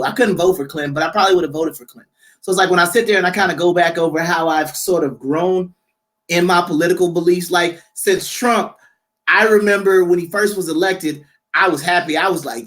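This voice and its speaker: A man's voice: high voice, fairly quick. A man co-hosting a podcast, chatting casually about politics, acting out the voices of people in his story. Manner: animated storyteller, acts out quoted voices. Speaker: podcast co-host.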